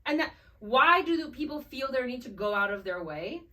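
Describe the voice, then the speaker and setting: Bright-voiced young woman, rambling chat. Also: sits high, very animated, moderate pace, far from the mic. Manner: rambling, many fillers and restarts. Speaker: podcast co-host. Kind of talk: casual chat.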